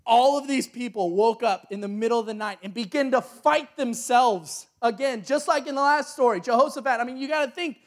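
High-voiced, excitable preacher man. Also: fairly quick, few pauses. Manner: lively, casual storytelling with slang and excited exclamations. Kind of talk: sermon.

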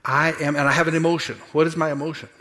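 Animated man preaching a sermon. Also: a little high, very fast. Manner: animated preaching with playful asides and acted-out quotes. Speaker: pastor. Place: church sanctuary.

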